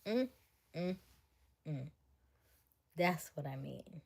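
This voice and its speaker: A woman hosts a casual livestream and tells a story to her chat. Her voice sits a little low and sounds mellow and warm. She keeps the telling animated and full of disbelief. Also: normal speed. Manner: animated, incredulous retelling. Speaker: livestream host.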